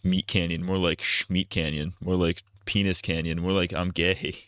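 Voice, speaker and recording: A man's voice: low-pitched, little pitch movement, moderate pace, a bit bright, smooth, no room sound. Joking man streaming from a dry home setup. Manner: joking, goofy asides and crude banter. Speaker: streamer reacting to videos. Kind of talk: casual live-stream chat.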